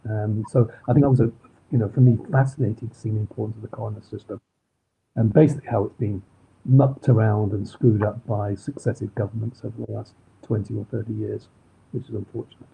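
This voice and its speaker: A man's voice: on the low side, fairly even intonation, quick pace, mellow, slight background noise. A middle-aged man with a Manchester accent, a crime novelist chatting in an interview, rambling with lots of ums and restarts. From Manchester, England. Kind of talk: casual interview chat. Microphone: video call. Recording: husky, phone-like video call audio.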